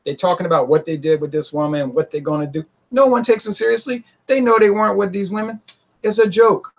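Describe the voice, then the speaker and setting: A man talks through a casual opinion monologue in a husky voice that sits a little on the high side. He is animated and keeps slipping into high, mocking impressions of other people. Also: a little fast. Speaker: political commentator.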